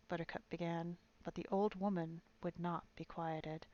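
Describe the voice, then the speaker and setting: A woman's voice: fairly low pitch, flat delivery, moderate pace, a little mellow, lo-fi sound. A woman narrating a novel aloud in a live stream reading. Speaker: storyteller.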